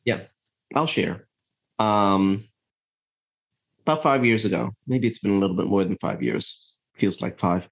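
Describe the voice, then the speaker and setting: A man's voice: lowish voice, unhurried, gravelly, pauses often, muffled recording. A man as a podcast guest, telling a personal story in an earnest, reflective way, often checking in with "right?" and restarting his sentences. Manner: earnest, thinks aloud with frequent "right?" and restarts.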